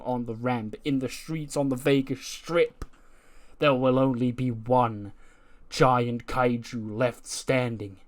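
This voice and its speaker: A man's voice: medium pitch, close to an everyday voice. A man voicing a hulking, boastful male wrestler trash-talking a rival. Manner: cocky trash talk.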